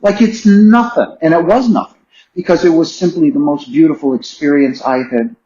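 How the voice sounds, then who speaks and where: A man's voice: a little high, a little fast, warm tone. A middle-aged man telling a personal story as a podcast guest, earnest and emotional, repeating phrases for emphasis. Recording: roomy, slightly dull sound.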